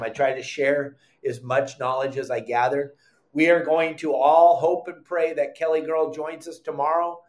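A man's voice: mid-range voice, fairly even intonation, moderate pace. An older man hosting a live fishing show, talking in a heated, emphatic way and repeating words for stress. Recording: echoey room.

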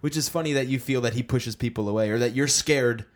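A man's voice: mid-range voice, quick pace. A man co-hosting a podcast, rambling and groping for words, then joking. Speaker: podcast co-host. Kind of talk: casual chat.

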